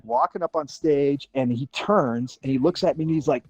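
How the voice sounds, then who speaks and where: A man's voice: fairly high pitch, expressive, normal speed, vocal fry, hardly any pauses, a little mellow, faint music behind. A man in his forties from Minnesota tells a long personal anecdote on a livestream. He swears casually and acts out what other people said. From Minnesota, USA. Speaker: livestream panelist.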